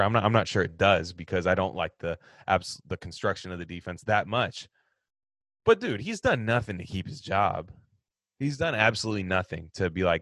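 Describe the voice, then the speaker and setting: A man hosting a casual sports talk, answering fan questions in an animated, ranting way that swings from loud outbursts to low mutters. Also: moderate pace, no echo, studio quality.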